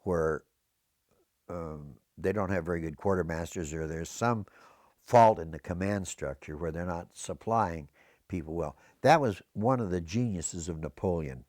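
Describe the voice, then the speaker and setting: An older American veteran recalls his service in an oral history interview, rambling into historical tangents as he talks. His voice sits low with a darkish tone and a slightly slow pace, recorded in studio quality with no room sound.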